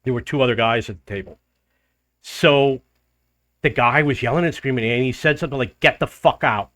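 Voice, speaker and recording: A middle-aged American man, a travel vlogger, tells a story in a casual monologue, speaking a little fast in a medium-pitched voice. His retelling is animated, and he acts out the arguments he quotes.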